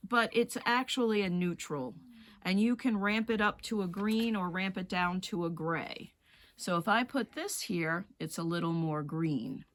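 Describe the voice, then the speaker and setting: A woman with a slightly low voice leads a rug hooking lesson. She talks in a relaxed, chatty way, explaining each wool color as she lays it out.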